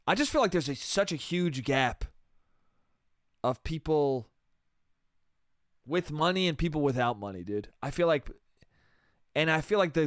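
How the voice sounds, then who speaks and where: Man, solo podcast monologue, rambling, swearing, says dude a lot, fairly high voice, smooth and dry. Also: no echo. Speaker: podcast host.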